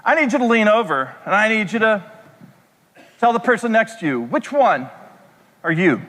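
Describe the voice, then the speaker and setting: A pastor delivering a sermon in a conversational way, throwing rhetorical questions at the congregation. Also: male voice, high voice, big pitch swings, normal speed, a bit bright. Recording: echoey hall reverb.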